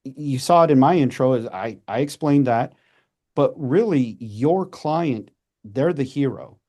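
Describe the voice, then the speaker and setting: A man in his forties, a messaging coach and podcast guest, giving casual advice in an animated way with quick restarts and acted-out asides. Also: mid-range voice. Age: 40s.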